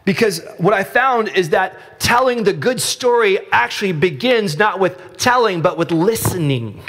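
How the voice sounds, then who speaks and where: A man from Texas preaching a sermon as pastor, telling stories in a conversational, animated way. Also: a little slow, in a large hall. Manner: conversational storytelling, animated rises in pitch. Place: church sanctuary.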